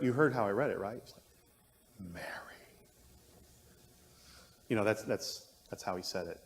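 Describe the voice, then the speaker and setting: A man teaching an adult Bible class, musing aloud and thinking through his points with frequent restarts. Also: medium pitch. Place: church classroom. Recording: long reverb of a church room.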